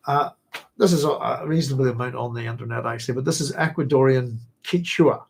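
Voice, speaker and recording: Male host, casual chatty rambler who laughs often, middle pitch. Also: poor audio. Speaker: book club host. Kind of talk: casual book talk.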